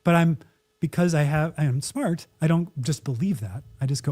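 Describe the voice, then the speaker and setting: A man's voice: a little high, normal speed, darkish tone. A man co-hosting a podcast, chatting casually with wry opinions and acting out quotes. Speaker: podcast co-host.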